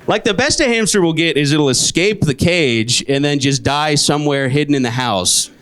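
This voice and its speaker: A man in his late twenties performing a stand-up comedy set, telling stories in a dry deadpan with sudden jumps into high, exasperated voices. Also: moderate pace, crowd noise. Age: 20s. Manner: deadpan storytelling with sudden high-pitched outbursts. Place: comedy club stage. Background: audience laughter.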